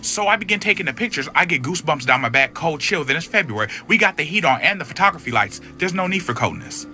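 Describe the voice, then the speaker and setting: A man's voice: fairly high pitch, animated, fast, pushed and bright, faint music behind. A man telling a spooky personal story in a sassy, profane, dramatic way. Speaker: storyteller in a clip. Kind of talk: animated story time.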